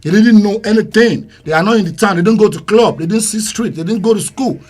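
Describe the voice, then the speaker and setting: Nigerian man, husky voice, rapid delivery, a bit high, casual storytelling talk. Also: a little mellow. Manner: earnest, storytelling, quotes people in his own voice. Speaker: guest. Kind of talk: casual live-stream chat.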